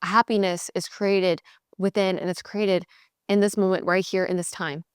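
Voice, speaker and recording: A woman hosting a podcast, giving blunt, animated sales coaching in a casual motivational talk. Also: mid-range voice, normal speed, smooth, no echo, clean studio sound. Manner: blunt, animated, mimics voices in quotes.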